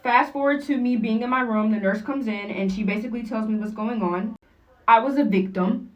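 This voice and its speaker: A woman's voice: fairly high pitch, fast talker, far from the mic, low-quality recording. A young woman telling a personal story to camera in blunt, slangy, profane casual talk. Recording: voice a bit off-mic.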